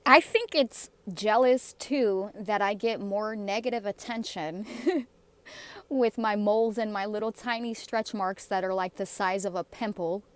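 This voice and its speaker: A woman's voice: mid-range voice, a little slow, no room sound. A woman vlogger giving casual, sarcastic commentary on comments, blunt and given to laughing asides.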